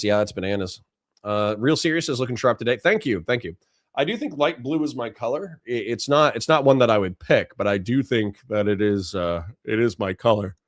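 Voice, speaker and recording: A tired man talks casually on a livestream, wandering through his thoughts with frequent fillers and false starts. His voice sits at an ordinary pitch. The sound is dry and close, with almost no room echo. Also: expressive, normal speed. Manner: rambling, candid, many fillers and restarts. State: tired, yawning. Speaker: streamer host reading chat.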